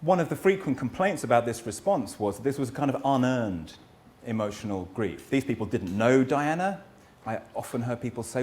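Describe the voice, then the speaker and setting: A middle-aged man giving an academic lecture as a historian, earnest and thoughtful, posing rhetorical questions and often pausing to restart his sentences. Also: mid-range voice, expressive, a little mellow. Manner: frequent hesitations and restarts.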